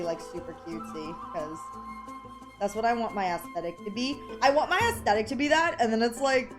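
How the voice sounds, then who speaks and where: Rambly vtuber girl, kinda gremlin voice not cutesy, squeals when excited, music going in the background. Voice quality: gremlin-like rather than cutesy. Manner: rambling, excitable, breaks into high squeals and laughter. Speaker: VTuber streamer. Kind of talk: casual stream chatter.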